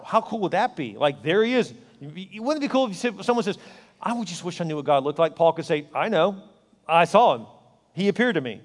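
A man preaching a sermon as pastor, swinging from loud urging to low, intimate asides. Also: long reverb tail.

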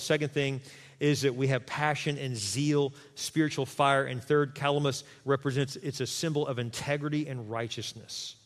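A man preaching a sermon as pastor, animated and conversational, acting out little quoted voices. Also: on the high side. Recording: long reverb of a large hall.

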